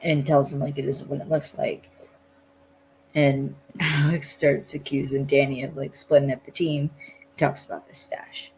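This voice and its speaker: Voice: medium pitch, little pitch movement, moderate pace, a little mellow, a little hiss or hum, low-quality recording. A podcast co-host in casual chat, retelling things loosely with many "like" fillers.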